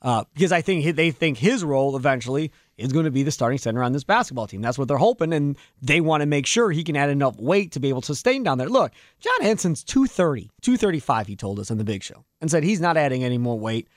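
A man's voice: on the high side, fast talker, hardly any pauses, no room sound, clean studio sound. A man hosting postgame sports talk radio, breaking down the box score and ranting about roster moves. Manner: animated, heated rants.

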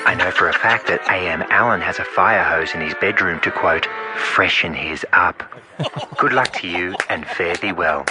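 A man playing a crude prank caller who insists he is a woman and trades in deadpan, mocking insults. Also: low voice, normal speed, over music, lightly acted. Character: brash crude man posing as a female caller.

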